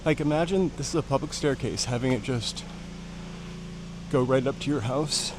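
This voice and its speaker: A man's voice: medium pitch, normal speed, background noise. Man chatting breathlessly on an uphill walk. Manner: chatty, slightly out of breath from climbing. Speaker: vlogger. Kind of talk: casual walking commentary. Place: outdoors on hillside streets and stairs.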